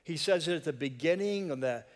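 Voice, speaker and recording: A man's voice: on the high side, lively intonation, fairly quick. Male pastor, casual conversational sermon, lightly joking, church sanctuary echo. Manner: conversational, joking asides to the congregation. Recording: long reverb of a church hall.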